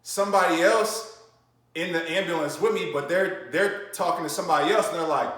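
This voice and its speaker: A man's voice: fairly high pitch, brisk, a bit bright, far from the mic. A man casually telling his own story in a slangy, rambling way, with lots of fillers and restarts. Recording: very echoey room.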